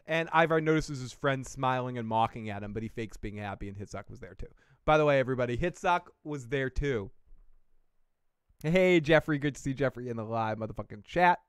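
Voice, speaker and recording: A man's voice: medium pitch, clear, resonant tone, no echo, clean studio sound. A man hosting a live TV episode recap, talking in a rambling, jokey, profane way. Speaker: TV recap host. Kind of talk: casual live-stream recap.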